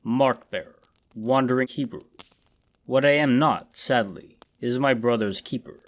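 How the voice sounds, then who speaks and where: A man voicing a grim, weary ancient immortal in a horror story, with a deep voice and slow, somber delivery. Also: natural voice.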